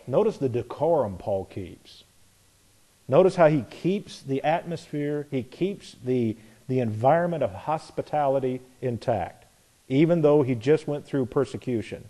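A man's voice: medium pitch, animated, normal speed, mellow, breathy edge. A man preaching a sermon, reading scripture aloud and explaining it in a conversational way. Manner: conversational, reads scripture then comments. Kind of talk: expository sermon.

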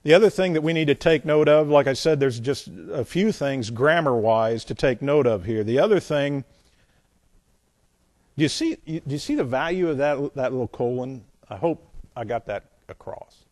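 Guy preaching bible study, punchy then quiet, repeats himself, dry close sound. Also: medium pitch, normal speed, no echo. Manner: emphatic, repeats phrases, swings from loud to quiet. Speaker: pastor. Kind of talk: expository Bible teaching.

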